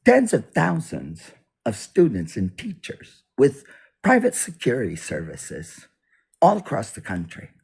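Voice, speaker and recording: A man giving an unscripted political monologue for his video, halting and restarting, his voice swinging between loud and soft. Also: mid-range voice, huge pitch swings, gravelly, husky. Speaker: video blogger. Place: indoors, US east coast.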